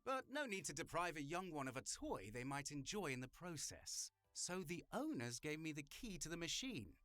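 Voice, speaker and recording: A man's voice: a little high, sing-song, moderate pace, a bit bright, faint music behind. A man voicing a courtly, roguish male arcade thief with theatrical, old-fashioned phrasing, reading a visual novel aloud.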